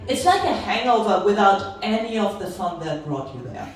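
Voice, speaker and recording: A woman's voice: medium pitch, big pitch swings, moderate pace. A woman telling a comic story about herself in a wry, self-mocking way. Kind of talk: comedic storytelling. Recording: echoey room from far off with faint noise.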